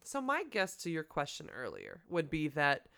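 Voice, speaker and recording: Therapist woman, smooth clear voice. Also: low-pitched, huge pitch swings, normal speed, a bit bright. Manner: thoughtful, explains with examples, frequent "like" and "um". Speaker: sex therapist, co-host. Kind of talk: casual podcast discussion.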